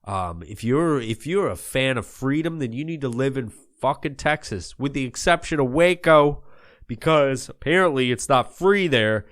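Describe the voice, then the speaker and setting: A man's voice: mid-range voice, lively intonation, moderate pace. A man hosting a comedy podcast in character, ranting in a profane, rambling monologue.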